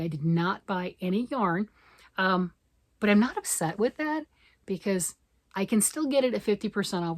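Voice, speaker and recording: A woman from Michigan, a yarn vlogger chatting excitedly and fast to camera, rambling off on tangents. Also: mid-range voice, no echo, studio quality. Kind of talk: casual chat to camera.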